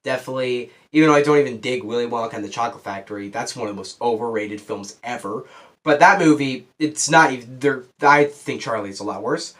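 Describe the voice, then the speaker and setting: A man's voice: medium pitch, brisk, a bit bright. A young man giving a casual movie review in a blunt, rambling and frustrated way.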